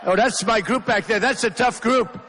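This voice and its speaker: A man's voice: sits high, moderate pace, fairly bright tone, a little hiss or hum. A man giving a campaign rally speech, rambling and repetitive, with emphatic asides to the crowd. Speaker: political candidate. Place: large rally venue. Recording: long reverb of a big hall.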